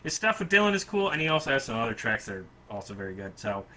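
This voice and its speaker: A man's voice: medium pitch, very animated, quick pace, pushed and bright, low-quality recording. A man hosting a casual music podcast, talking in a rambling, enthusiastic and self-deprecating way. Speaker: podcast host.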